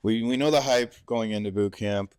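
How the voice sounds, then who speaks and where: A man's voice: lowish voice, normal speed, smooth, no echo, studio quality. A man who hosts a podcast and has served as a Marine, asking questions in a laid-back way, often searching for his words. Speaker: podcast host, Marine veteran. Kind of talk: interview questions.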